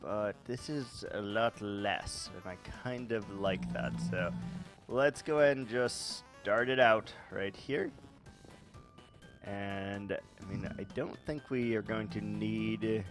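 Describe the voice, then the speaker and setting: A man's voice: lowish voice, slow pace, over music. A man doing unedited commentary over his Minecraft gameplay, thinking aloud with many fillers. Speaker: Minecraft let's-play host.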